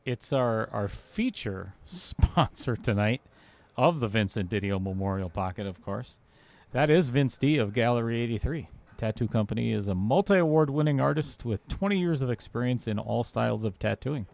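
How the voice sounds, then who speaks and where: A man hosting casual live commentary on a pool match, chatty and quick to laugh. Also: medium pitch, animated, creaky, a little mellow, no room sound. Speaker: pool stream commentator and host.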